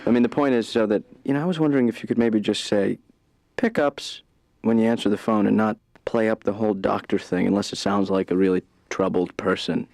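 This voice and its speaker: An actor playing a cocky grown son who teases and rambles over others. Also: male voice, lowish voice, steady tone, a little fast, vocal fry, darkish tone, no echo. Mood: teasing.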